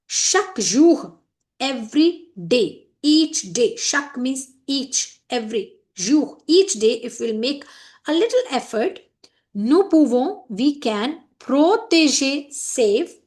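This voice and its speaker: A middle-aged Indian woman teaching French, explaining each phrase and firmly warning students about common mistakes. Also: sits high. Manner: switches between French, English and Hindi, explaining each phrase; firm, scolding reminders about mistakes. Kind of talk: classroom lesson explaining a letter.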